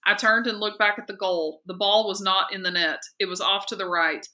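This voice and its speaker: A woman teacher reading a novel aloud in a steady, lively and expressive way. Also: medium pitch, brisk. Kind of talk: read-aloud narration of a novel.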